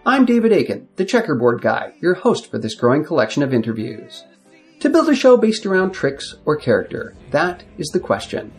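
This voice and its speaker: A male podcast host reads his scripted opening in a measured, reflective way. His pitch rises and falls with lively movement. A faint bed of music plays underneath.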